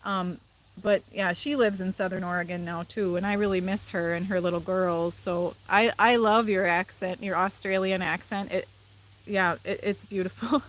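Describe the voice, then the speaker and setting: A woman's voice: medium pitch, fairly even intonation, moderate pace. Chatty Midwestern woman streaming live. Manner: chatty, answers viewer comments, laughs often. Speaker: livestream host. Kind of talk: casual live chat with viewers.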